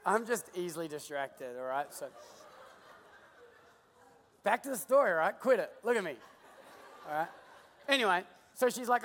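A man's voice: high-pitched, lively intonation, moderate pace, pauses often, a bit bright, a little hiss or hum. A middle-aged Australian man preaching a sermon, joking and telling stories, acting out voices. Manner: jokey storytelling, digressive, acts out voices. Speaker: pastor. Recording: long hall reverb.

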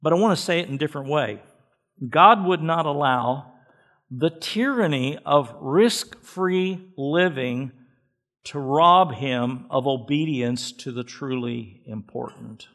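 Male pastor, emphatic sermon delivery, somewhat high-pitched voice, repeats words for weight. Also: takes it slowly, a bit bright. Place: church.

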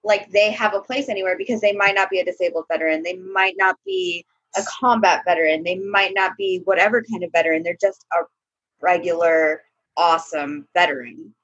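A woman's voice: on the low side, fairly even intonation, a little fast, a bit bright, breathy edge. A woman co-hosting a casual podcast, earnest and emphatic as she lists her points. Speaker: podcast co-host. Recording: dull lo-fi sound.

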